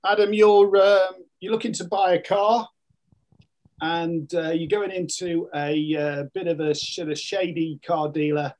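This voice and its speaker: A man's voice: on the high side, fairly even intonation, unhurried, darkish tone. An older man, a retired podcast guest, speaking in casual chat with many hesitant fillers.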